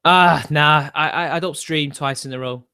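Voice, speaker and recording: A man's voice: a little high, moderate pace, sharp tone, clear, resonant tone. Defensive young man. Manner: argumentative, defensive, laughing between points. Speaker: streamer. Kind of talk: casual live-stream chat.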